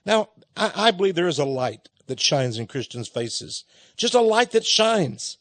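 Guy preaching a sermon, kinda high voice, folksy and chuckly, dry close sound. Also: very animated, a little slow, a bit bright, dry recording. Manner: folksy, chuckling, addresses listeners as friends. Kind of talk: sermon with a personal story.

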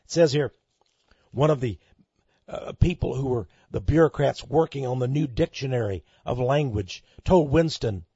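A man preaching a sermon to listeners he calls friends, swinging between loud outbursts and hushed asides. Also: mid-range voice, moderate pace, husky, dry recording. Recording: dull lo-fi recording.

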